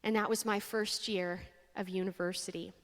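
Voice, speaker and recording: A young woman from Canada giving a faith talk to an audience, an expressive storyteller with dramatic pauses. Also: medium pitch. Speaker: speaker. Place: large hall. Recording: long hall reverb.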